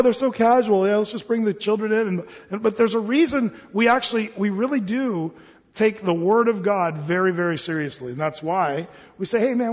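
A male pastor preaching a sermon in church, conversational and jokey, acting out little voices. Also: high voice. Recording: dull, reverberant hall recording.

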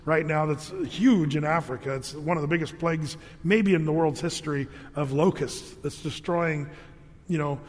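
A man preaching a sermon, telling jokes and stories in a casual, animated way. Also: on the high side, moderate pace, big-room sound. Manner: storytelling, animated with jokes and asides. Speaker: pastor.

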